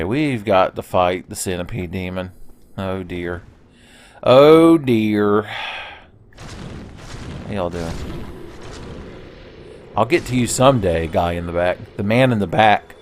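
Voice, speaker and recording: A man talking over a video game in a relaxed, rambling way, full of jokes and swearing. His voice sits on the low side. He drifts off topic in chatty asides. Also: gravelly. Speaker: let's play host. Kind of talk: casual gameplay commentary.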